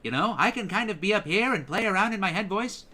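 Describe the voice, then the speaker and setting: A man's voice: high voice, fast. A man, a voice actor, chatting casually while streaming a game and demonstrating voices. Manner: animated, slips into voices to demonstrate.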